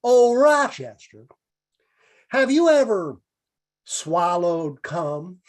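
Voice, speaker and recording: A comedian doing a fussy, prim old-time radio star, drawn out and mannered. the voice sits well above his own and comes out loud, with a deliberately slow delivery. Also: sits high, very animated, voice pushed up, full character voice.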